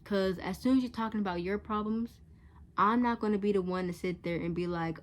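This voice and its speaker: A woman's voice: mid-range voice, brisk. A teenage girl vlogger giving frank, chatty advice straight to camera, casual and blunt. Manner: chatty, frank, acts out catty voices in quotes.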